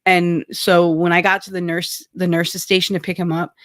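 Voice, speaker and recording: A woman's voice: lowish voice, flat delivery, moderate pace, no echo, studio quality. A middle-aged woman co-hosting a podcast, chatting casually, correcting herself as she goes and laughing often. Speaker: podcast co-host. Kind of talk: casual chat.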